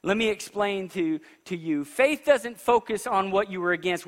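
Preacher man with a bright, high voice. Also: moderate pace, few pauses. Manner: animated preaching, rising and falling in pitch and volume. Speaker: pastor. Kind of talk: sermon. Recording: long reverb of a large hall.

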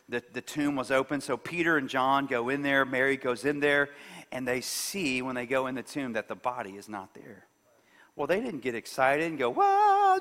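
A man preaching a sermon, retelling a story with sudden swings from soft to loud. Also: mid-range voice, big-room sound.

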